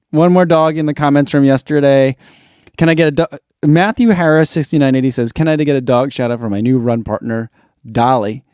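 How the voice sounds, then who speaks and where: A man's voice: medium pitch, a little fast, a little mellow, clear, resonant tone, dry recording, clean studio sound. A middle-aged man, host of a running channel, chatting casually on a live stream, reading out viewer comments and chuckling often. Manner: laid-back, chuckles often, reads comments aloud.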